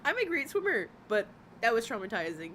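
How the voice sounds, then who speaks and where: A woman hosting a casual reaction stream. She swears, laughs and her voice jumps high when excited. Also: fairly quick, slight background noise.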